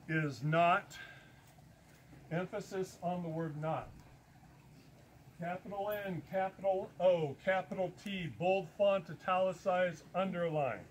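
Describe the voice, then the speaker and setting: A man's voice: fairly high pitch, a bit bright, slight background noise. A man giving a talk to an audience, earnest and emphatic, repeating words for stress. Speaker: presenter.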